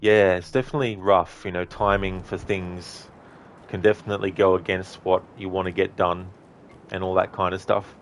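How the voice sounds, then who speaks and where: Man, deep low voice, live game streamer, chatty with viewers, lots of ums and restarts. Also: level tone, moderate pace, slight background noise. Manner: chats with viewers, reads and answers chat messages; frequent ums and self-corrections. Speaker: livestreamer.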